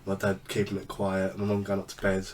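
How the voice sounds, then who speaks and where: Low-voiced man, distant mic. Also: monotone, brisk, very noisy. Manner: rambling, many fillers and restarts. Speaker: podcast co-host. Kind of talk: casual chat.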